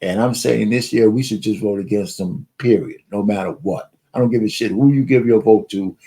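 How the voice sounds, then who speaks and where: A man hosting a political podcast comments bluntly and emphatically between clips he plays. His voice is fairly low, warm and slightly rough, at a normal speed.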